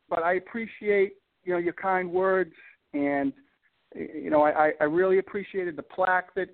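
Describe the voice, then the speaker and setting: A man's voice: sits high, vocal fry. A man with a Boston accent, a modest and hesitant interview guest who speaks with lots of fillers. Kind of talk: casual interview chat. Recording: tinny phone line.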